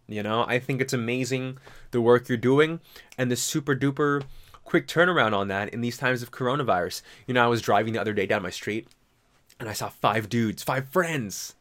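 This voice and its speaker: A young man in a casual comedic monologue, rambling and animated, swearing, slipping into mock voices and laughing at his own jokes. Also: mid-range voice, normal speed.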